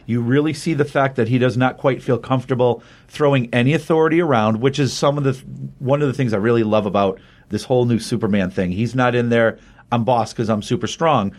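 A man's voice: mid-range voice, fast, a little mellow. Chatty man recapping a comic book. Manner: chatty, rambling, with frequent restarts and quoted dialogue.

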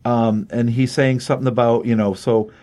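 A man on a podcast casually retelling a comic book plot, acting out each character's lines by jumping his pitch up. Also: flat delivery, moderate pace, dark tone. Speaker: podcast co-host recapping a comic. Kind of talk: casual chat, animated retelling with quoted voices.

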